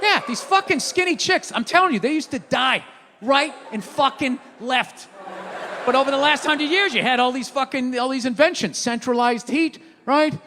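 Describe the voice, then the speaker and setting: A stand-up comedian, a man, delivering a profane rant with shouted bursts. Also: extremely high pitch, normal speed. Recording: echoey hall, live crowd, background noise.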